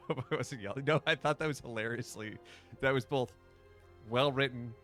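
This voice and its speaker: A man's voice: mid-range voice, normal speed, fairly bright tone, faint music behind. A priest hosting a game livestream, chatting casually with his viewers and laughing often. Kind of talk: casual livestream gaming commentary.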